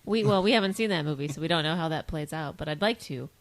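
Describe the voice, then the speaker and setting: A woman's voice: sits low, fast talker. A woman co-hosting a podcast in casual chat, answering briefly and reacting. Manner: brief reactive replies, easy laughs. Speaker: podcast co-host.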